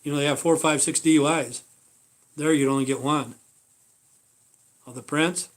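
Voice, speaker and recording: Fifties American man, slightly high voice, blunt profane livestream rambler who trails off a lot. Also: steady tone, moderate pace. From United States. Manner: blunt, swears constantly, trails off with "you know". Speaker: livestream host. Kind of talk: rambling casual monologue.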